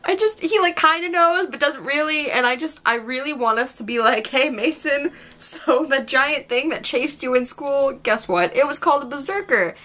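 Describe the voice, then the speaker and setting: A young woman gushing excitedly about a TV show in a casual vlog. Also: high voice, moderate pace, few pauses. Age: young adult. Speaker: guest vlogger.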